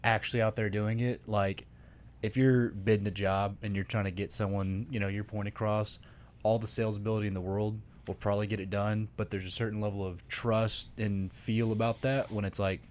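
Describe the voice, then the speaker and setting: Earnest low-voiced man, lots of "like". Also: little pitch movement, fairly quick, a little mellow, slight background noise. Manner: earnest, heavy use of "like". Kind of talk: casual conversation.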